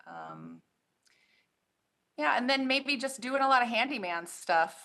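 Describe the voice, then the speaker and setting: A woman with a bright, forward voice answers interview questions in a friendly, chatty way. She laughs easily and talks warmly about her life. She is a labor union leader appearing as a guest. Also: fairly high pitch, wildly swooping pitch, measured pace.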